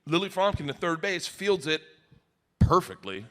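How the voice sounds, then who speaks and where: A man performing a stand-up comedy set on a live stage, telling stories loudly and acting out other people's voices. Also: fairly high pitch, moderate pace. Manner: loud, animated storytelling with acted-out voices.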